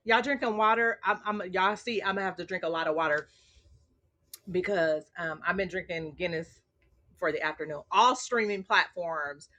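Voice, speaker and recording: Female host for loose after-dark live chat; bright, lively delivery straight to the viewers. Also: fairly low pitch, normal speed, highs cut off. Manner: chatty, laughs often, talks straight to viewers. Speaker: livestream host. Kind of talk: casual late-night live chat.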